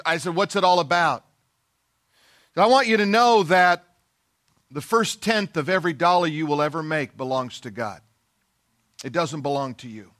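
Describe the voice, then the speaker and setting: A middle-aged pastor with a high, bright voice tells a personal story in his sermon. He's folksy and self-deprecating, slipping into the voices of the people he quotes.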